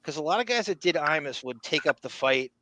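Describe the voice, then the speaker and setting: A man's voice: fairly high pitch, animated, brisk, pushed and bright, no echo. A man hosting a live podcast, chatting and speculating as he reacts to a clip and to viewer comments. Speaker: podcast host. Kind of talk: casual live podcast chat.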